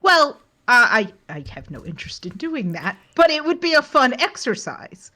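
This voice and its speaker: A woman chatting on a podcast, brisk and opinionated, often chiming in with short agreeing replies. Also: high voice, very animated, sharp tone. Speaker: podcast co-host. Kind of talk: casual chat.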